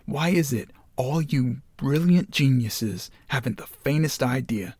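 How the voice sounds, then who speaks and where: A man voicing a sharp, commanding woman spymaster in a screenplay reading, curt and cutting. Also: mid-range voice, animated, a little slow, slightly rough, dry recording. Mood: stern.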